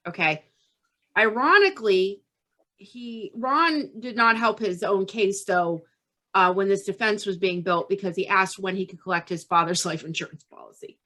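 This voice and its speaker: A woman's voice: mid-range voice, fairly bright tone. A woman hosting a podcast, telling a true-crime story casually and tagging her lines with "okay?". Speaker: podcast host.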